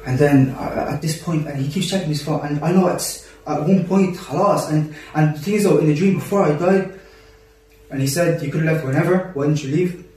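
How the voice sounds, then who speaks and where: A young man telling a personal story in casual talk among friends, animated and full of restarts. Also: on the high side, moderate pace. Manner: animated, acts out quotes, many restarts. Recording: roomy echo, distant mic.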